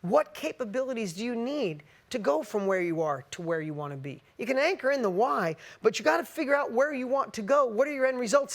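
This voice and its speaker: A middle-aged man giving a motivational business talk, energetic, telling stories and firing rhetorical questions. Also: very high voice. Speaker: business speaker.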